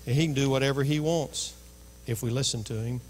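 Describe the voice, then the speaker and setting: This pastor's voice sits in the mid-range and moves a little fast, with slight background noise. Preaching in a church sanctuary, he tells a story and performs the voices in it, all wrapped in the hall's long reverb.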